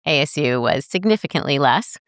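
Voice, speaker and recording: Chatty woman in her 40s, journalist guest on a podcast, storytelling, smooth clear voice, dry close mic. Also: deep voice, animated, a little fast, no echo. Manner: chatty storyteller, acts out her own past thoughts in quotes. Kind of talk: casual interview chat.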